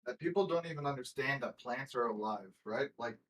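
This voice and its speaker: Male podcast co-host, brash storyteller, mid pitch, loose and profane. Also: expressive, fairly quick, a bit bright. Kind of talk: casual podcast chat.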